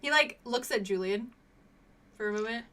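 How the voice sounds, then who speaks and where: A woman's voice: fairly high pitch, normal speed, pushed and bright. A woman narrating a tabletop game as game master, describing the scene in a chatty way with many fillers.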